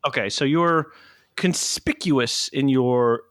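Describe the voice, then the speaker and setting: A man hosting a podcast in casual chat, jokey and quick to react and tease. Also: medium pitch, fairly bright tone, no room sound, clean studio sound. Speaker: podcast host.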